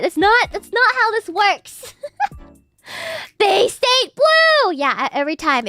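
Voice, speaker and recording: A woman streamer chatting casually with her viewers, giggly and animated, with sudden excited outbursts. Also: high-pitched. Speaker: VTuber streamer. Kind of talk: casual livestream chat with viewers.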